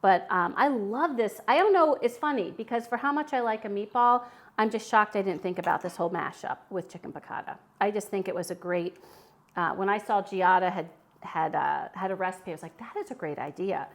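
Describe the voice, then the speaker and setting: Woman, mid-pitch, chatty live cooking host in her kitchen, talks to chat while she works. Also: brisk. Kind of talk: casual live cooking demo. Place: home kitchen.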